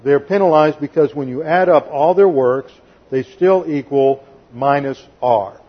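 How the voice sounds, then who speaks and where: Through a muffled recording comes a slightly rough male voice, on the high side and measured in pace. He's a pastor teaching the Bible verse by verse, explaining Greek grammar, reading passages aloud and occasionally putting on a sarcastic tone for quotes.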